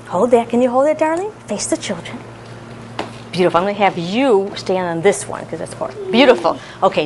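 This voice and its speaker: A woman leading a classroom lesson for young children, coaxing them through call-and-response in an animated, sing-song way. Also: a little high, noisy background. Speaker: early childhood educator.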